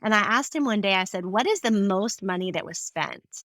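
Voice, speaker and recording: A woman's voice: mid-range voice, moderate pace, no echo. A woman guest on a podcast interview, telling stories animatedly and acting out the people she quotes. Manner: animated storyteller, acts out quoted voices. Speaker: guest speaker.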